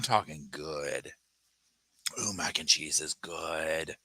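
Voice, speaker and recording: A man hosting a casual live chat from home, chatty and animated, swearing casually and laughing loudly as he reads viewer comments. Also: a bass voice, takes it slowly, husky, no echo. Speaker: true crime channel host. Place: home, on a sofa.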